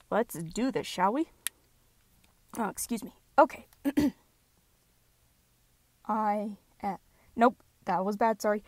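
A woman's voice: medium pitch, slow, pauses often, darkish tone, no echo. A woman chatting casually between takes as a fan voice actor, apologetic and self-deprecating, rambling as she goes. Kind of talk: casual recording-session chatter.

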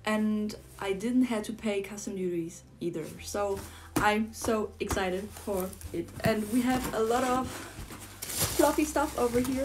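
Young woman, German native speaker, excited unboxing vlog, gushing and repetitive, light hiss. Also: medium pitch, unhurried. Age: young adult. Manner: gushing, breathless excitement, repeats phrases. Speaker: model horse collector vlogger.

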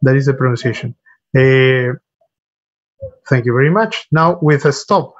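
A man speaking a little slowly in a mid-range voice leads an online English lesson, and his computer mic on the video call gives a muffled recording. A native Spanish speaker, he patiently repeats and spells out words for his students.

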